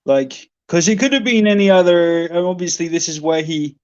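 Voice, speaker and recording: A man co-hosts a comedy podcast, rambling playfully through jokey questions. His voice sits slightly high. It comes through a dull, lo-fi line. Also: normal speed, a little mellow, smooth. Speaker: podcast co-host. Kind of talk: comedic banter.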